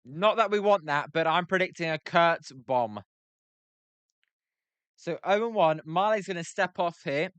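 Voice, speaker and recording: A chatty British man with a bright, clear voice on the high side speaks a little slowly with lively intonation and frequent pauses, with no room sound. He's hosting a livestream about a baseball game, reading chat, bantering, and playing with pronunciations.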